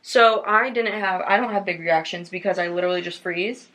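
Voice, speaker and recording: A woman's voice: fairly low pitch, brisk, fairly bright tone, low-quality recording. A woman hosting a podcast, chatting casually and reading ghost stories aloud in a storytelling tone. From North Carolina. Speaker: podcast host.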